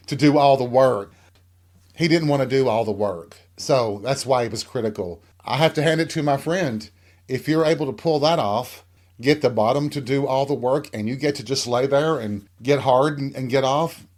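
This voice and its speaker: A man with a light Southern American accent, hosting a podcast and telling candid stories in a casual monologue. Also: mid-range voice. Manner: candid, chatty storytelling. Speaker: podcast host.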